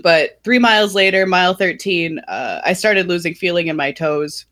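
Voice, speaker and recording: A woman's voice: on the low side, moderate pace, a bit bright. A woman co-hosting a podcast, chatty and self-mocking, telling a personal story with frequent laughs. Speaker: podcast co-host. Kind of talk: casual chat, storytelling.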